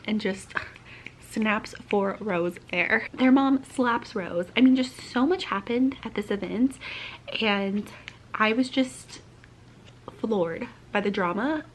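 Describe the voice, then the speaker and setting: A woman's voice: medium pitch, slow pace, slight background noise, poor audio. A young woman vlogger chatting casually and gushingly about a book she is reading, sometimes dropping into half-whispered asides. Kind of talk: casual reading-vlog chat.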